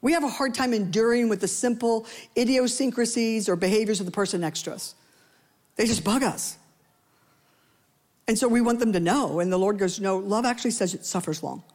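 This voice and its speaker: A woman's voice: normal speed, a little mellow. A woman preaching a sermon in a conversational, playful way, often acting out quoted voices. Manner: conversational, playful asides to the congregation; acts out quoted voices with rising pitch.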